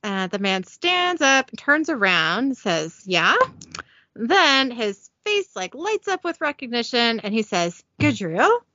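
A giggly woman who recaps a TV episode with animated, bright energy. Her pitch moves a lot, and the recording is dry and dull. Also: unhurried, few pauses, no echo. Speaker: podcast host.

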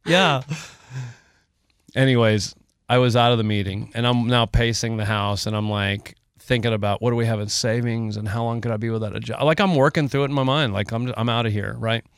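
A podcast co-host winds through a long personal story in casual chat, full of emotion and easy laughter. His mid-pitched voice is smooth and resonant, fairly quick with fairly even intonation, recorded close and dry.

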